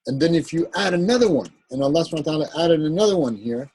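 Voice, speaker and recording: Guy teaching grammar, raspy voice, stops and starts a lot, keeps saying right?. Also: a little high, animated, darkish tone, no echo, low-quality recording. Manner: explanatory, checks in with "right?"; halting, with fillers and self-corrections. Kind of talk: classroom lecture.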